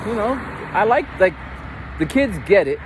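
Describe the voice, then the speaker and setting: A man who works as a teacher, telling stories in a casual chat while walking outdoors, mimicking other people's voices with big jumps in pitch. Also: animated, moderate pace, noisy background. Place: outdoors on a street. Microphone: phone camera held while walking.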